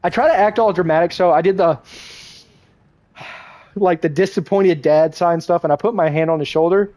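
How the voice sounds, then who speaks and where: A man's voice: a little high, fast talker, darkish tone, dry recording. Rambling young man on a dry mic. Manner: rambling storyteller, swears casually. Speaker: streamer. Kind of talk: casual livestream chat while gaming.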